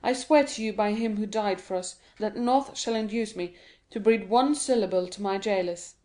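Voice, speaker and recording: A desperate young male prisoner pleads with quiet, earnest urgency, read by a woman. The voice sits at a middle pitch with a dark, mellow tone. It is a storybook reading with no showy character work. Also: normal speed, lightly acted. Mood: pleading. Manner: earnest, imploring.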